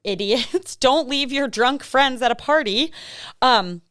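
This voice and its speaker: A woman's voice: high-pitched, slow pace, a bit bright, no room sound, clean studio sound. A woman, co-hosting a podcast and telling true-crime stories in a rambling, chatty way with frequent laughs and fillers. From American Midwest. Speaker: podcast co-host. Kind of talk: casual true-crime chat.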